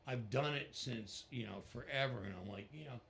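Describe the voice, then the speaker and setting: Brisk and creaky at a medium pitch, with a little hiss or hum in the audio, this middle-aged guest musician tells stories in a casual interview. He's animated, voicing the other people in his anecdotes.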